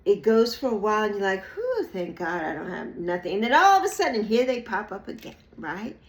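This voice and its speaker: An older woman in her sixties speaks to her online audience in an emphatic, repetitive way. Her voice sits at a middle pitch, and she often leaps higher when she mocks people in a playful put-on voice. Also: sing-song, fairly quick. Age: 60s. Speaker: YouTube creator. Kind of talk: reflective monologue to camera.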